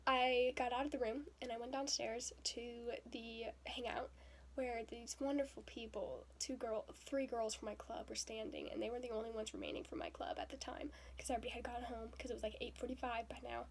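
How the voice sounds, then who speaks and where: A young woman vlogger telling a personal story in a lively way, acting out quotes with breathy asides. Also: a little high, a little fast. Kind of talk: storytelling vlog. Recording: faint background noise.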